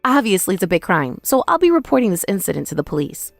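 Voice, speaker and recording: A woman's voice: medium pitch, big pitch swings, quick pace, creaky, dry recording, faint music behind. A woman narrating a dramatized first-person story in a confrontational, scolding way.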